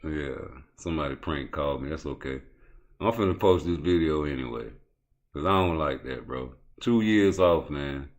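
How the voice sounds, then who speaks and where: Profane animated man ranting about boxing. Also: extremely low pitch, moderate pace. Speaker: boxing commentary vlogger. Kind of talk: casual ranting commentary.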